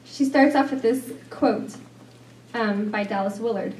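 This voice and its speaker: In a church meeting room, a middle-aged woman leads a women's Bible study, rambling chattily with fillers and restarts. Her voice is on the high side, a little mellow, at a measured pace, captured from far off in an echoey room with slight background noise.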